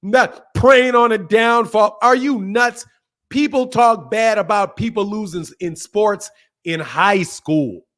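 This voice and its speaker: A man hosting a boxing channel stream, giving heated, mocking commentary with drawn-out emphasis. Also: sits high, a bit bright.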